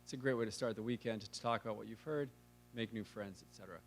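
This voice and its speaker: A man's voice: on the low side, fast. A man hosting a weekly lecture forum, welcoming the audience with wry jokes into a handheld microphone. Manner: wry, joking. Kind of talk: casual event welcome. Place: lecture room.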